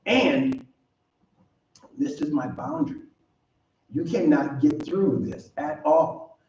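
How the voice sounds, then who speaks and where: A man delivers a sermon in a slightly high voice, earnest and quick to laugh, doubling back on his phrases for emphasis. He sounds far from the mic, with a roomy echo and a somewhat dull tone. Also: darkish tone, a little hiss or hum. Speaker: minister. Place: church sanctuary.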